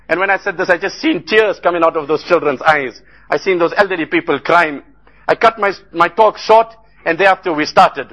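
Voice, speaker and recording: A man's voice: sits high, a bit bright, low-quality recording. A man giving an earnest sermon about a relief trip, telling stories and rising into impassioned appeals. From South Africa. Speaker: Islamic speaker.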